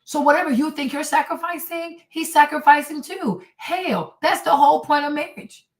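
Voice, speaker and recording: A woman's voice: sits high, normal speed. A woman hosting a commentary show, reacting to clips with indignant, mocking sarcasm. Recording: echoey room, distant mic.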